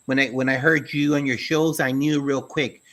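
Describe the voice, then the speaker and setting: A man's voice: mid-range voice, level tone, normal speed, a bit bright. A man co-hosting an education talk show, speaking emphatically and dropping folksy sayings. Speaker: podcast co-host, school administrator. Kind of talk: casual conversational talk.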